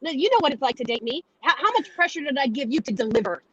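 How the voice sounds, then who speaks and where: A woman with a high, bright voice ranting bluntly and profanely in a casual live chat. She sounds jittery and fired up, and she swears freely. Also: lively intonation, fast, no room sound, muffled recording. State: jittery from coffee. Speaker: call-in panelist. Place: on the move, heading home.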